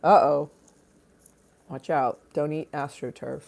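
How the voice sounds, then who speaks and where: A woman hosting a casual livestream on her phone, playful and crude, swinging between loud bursts and low mutters. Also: fairly even intonation, takes it slowly, creaky. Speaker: livestream host. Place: Los Angeles home.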